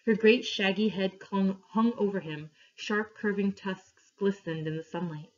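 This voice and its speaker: A woman reading a story aloud to her class, clear and steady, pausing for questions. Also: mid-range voice. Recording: dull lo-fi recording.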